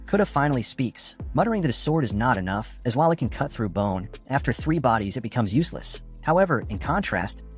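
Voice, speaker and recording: Brief: male narrator, mid pitch, animated read, soft music bed. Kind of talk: scripted recap narration. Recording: faint background music.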